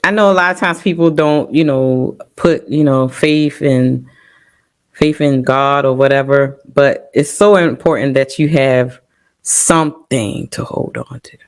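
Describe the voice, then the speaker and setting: Slow-talking woman holding back tears. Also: very deep voice. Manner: emotional, holding back tears, many fillers. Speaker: podcast guest sharing testimony. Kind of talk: emotional personal testimony.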